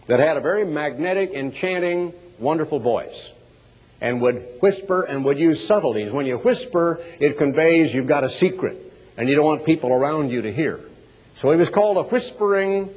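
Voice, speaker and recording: A middle-aged man preaching a sermon in an animated, sarcastic way, with mocking asides. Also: a little high, slightly rough, big-room sound, poor audio.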